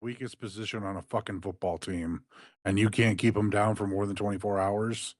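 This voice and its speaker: A man's voice: lowish voice, fairly even intonation, brisk, no room sound. A man co-hosting a wrestling review show, dry, sarcastic and scornful. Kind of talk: casual review chat.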